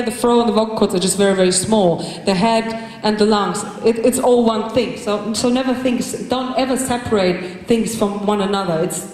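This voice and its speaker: Woman coaching screams in an echoey hall. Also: a little high. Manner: instructive, breaks into loud demonstration shouts and growls. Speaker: vocal coach leading a workshop. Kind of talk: live workshop instruction. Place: large hall with a live group.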